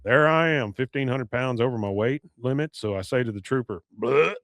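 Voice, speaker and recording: A man voicing a swaggering, gruff male trucker at a truck stop diner, in a lightly put-on voice. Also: medium pitch, normal speed, fairly bright tone, dry recording, lightly acted. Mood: boastful.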